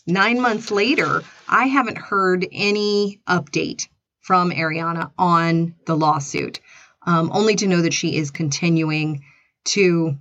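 A woman's voice: lowish voice, fairly bright tone. A woman hosting a podcast, telling stories in a chatty, rambling, casual way. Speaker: podcast host. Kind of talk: casual monologue. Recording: dull, slightly lo-fi dry recording.

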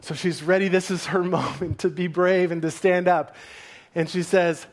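A male pastor giving a sermon, retelling a story in an animated, dramatic way. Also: high voice, moderate pace.

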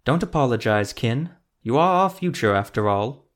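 A man's voice: mid-range voice, lively intonation, normal speed, close to an everyday voice. A man voicing a weary, scarred male elf sorcerer who speaks tensely and insistently.

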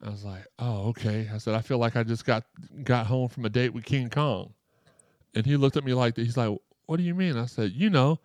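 A man's voice: mid-range voice, steady tone, a little fast, a little mellow, no room sound, studio quality. A man hosting a live podcast, joking and rambling as he reads chat comments aloud, his throat sore after surgery. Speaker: podcast host.

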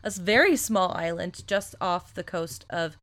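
A woman co-hosting a casual podcast, chatty and loose, swearing freely and filling pauses with ums. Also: fairly low pitch, a bit bright. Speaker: podcast co-host. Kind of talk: casual chat.

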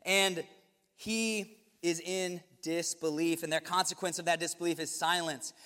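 High-voiced young man preaching in a hall. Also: steady tone, measured pace, pushed and bright. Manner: conversational, self-correcting, light humor. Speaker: youth ministry speaker. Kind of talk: casual sermon. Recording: reverberant hall.

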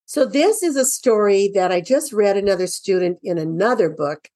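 A woman's voice: medium pitch, animated, normal speed, mellow, dry recording. A woman in her fifties, a parent, walks through a children's reading workbook in an enthusiastic, encouraging lesson. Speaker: parent teaching early reading.

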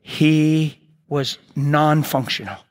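A man preaching, telling a personal story in an animated way and acting out scenes with sound effects. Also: a little high, takes it slowly. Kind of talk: sermon testimony storytelling.

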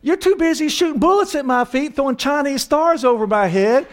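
A man voicing an exasperated wife who scolds her husband in a shrill, mocking voice. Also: lively intonation, a little fast.

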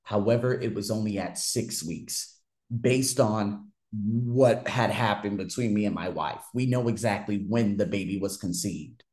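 A man's voice: fairly low pitch, a little slow, a little mellow. Heated, profane man ranting. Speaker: vlogger telling a personal story. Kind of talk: casual unscripted monologue.

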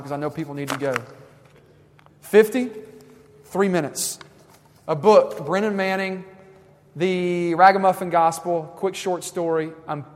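A man preaching a sermon as a campus minister, impassioned and swinging from loud exhortation to soft, intimate speech. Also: a little high, in a large hall.

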